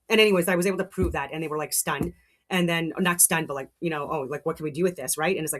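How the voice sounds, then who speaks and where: Fired-up middle-aged woman ranting fast, low-ish voice, keeps restarting. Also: fairly bright tone. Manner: heated, rambling, swears, many restarts. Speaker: show host. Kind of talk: casual monologue.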